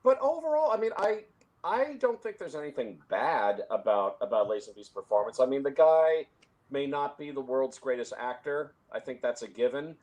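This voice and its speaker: A man's voice: mid-range voice, expressive, moderate pace, darkish tone, dull audio. A man in a casual film discussion, talking at length with frequent restarts and chuckles. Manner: rambling, many restarts, chuckles. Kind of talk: casual conversation.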